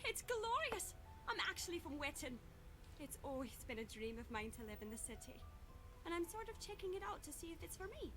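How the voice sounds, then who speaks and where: A woman's voice: extremely high pitch, very animated, a little fast, over music. A bubbly, nosy girl. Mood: excited. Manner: bubbly, overfamiliar. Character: chatty, nosy young Scottish woman. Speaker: game character.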